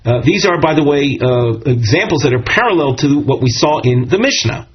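Guy teaching talmud, lively up and down voice, kinda husky, dull lo-fi sound. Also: mid-range voice, normal speed. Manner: explanatory, translating Hebrew and Aramaic phrases as he goes. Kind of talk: Talmud class lecture. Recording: dull lo-fi recording.

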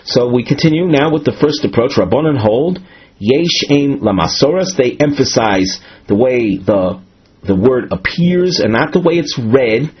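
A man explains a Talmud passage in a careful, methodical teaching voice, restarting phrases as he goes. His voice is somewhat husky and moves lively up and down in pitch. The recording sounds dull and lo-fi. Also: a little slow. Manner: methodical, with frequent restarts and Hebrew terms. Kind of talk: explanatory study lesson.

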